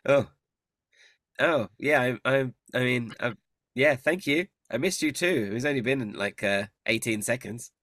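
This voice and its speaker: A man's voice: mid-range voice, a little slow, a bit bright, dry recording, clean studio sound, close to an everyday voice. A man voicing a chatty, sheepish male companion who rambles and apologizes. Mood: flustered.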